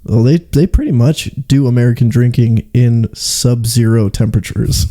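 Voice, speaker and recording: A young man co-hosting a podcast, chatting casually and joking, with quick asides and a bit of swearing. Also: medium pitch, dark tone. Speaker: podcast co-host. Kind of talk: casual chat.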